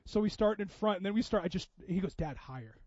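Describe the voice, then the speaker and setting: A man in his thirties from Seattle, preaching a conversational sermon as a pastor, with frequent restarts and swings between loud emphasis and hushed asides. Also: sits high, level tone, fast, dry recording, lo-fi sound.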